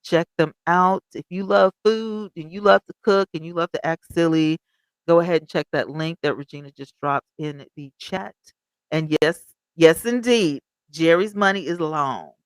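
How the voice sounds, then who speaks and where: A woman's voice: lowish voice, normal speed, clear, resonant tone, dry recording, low-quality recording. A woman host from Alabama, chatting casually on a livestream, reading viewer comments aloud and laughing often. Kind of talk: casual live chat commentary.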